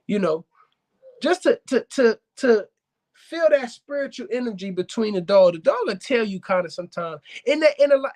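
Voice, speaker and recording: A man hosting a casual live-stream chat about his dogs, animated and preachy, often calling out to viewers. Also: high voice. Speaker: dog kennel owner hosting a live talk show.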